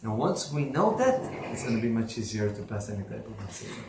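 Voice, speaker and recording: A man preaching as a rabbi, telling stories with lively swings and bursts of loud voice. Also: lowish voice, a little fast, background noise. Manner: animated storyteller, bursts into shouting for quoted characters. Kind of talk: sermon with told stories. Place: synagogue. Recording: roomy echo, faint ambience.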